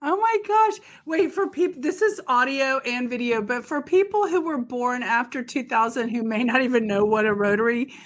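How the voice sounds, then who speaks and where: A woman's voice: a little high, moderate pace, few pauses. A middle-aged woman hosting a podcast, chatting enthusiastically and exclaiming often. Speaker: podcast host. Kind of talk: casual interview chat.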